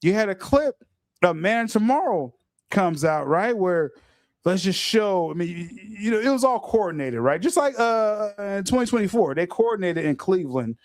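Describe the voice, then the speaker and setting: Animated high-voiced man laughing through commentary. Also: moderate pace, dry recording, clean studio sound. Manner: laughs often, animated and mocking. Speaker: podcast host. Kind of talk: reaction commentary on a clip.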